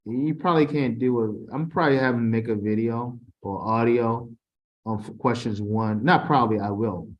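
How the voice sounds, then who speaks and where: A man's voice: medium pitch, moderate pace, highs cut off. A man tutoring a student in a casual session, reading quiz questions aloud with frequent restarts. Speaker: TESOL instructor.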